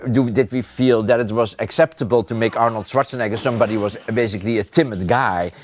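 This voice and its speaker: A man's voice: medium pitch, quick pace, very noisy. A man, the film's director, speaking animatedly in a featurette interview, often repeating words.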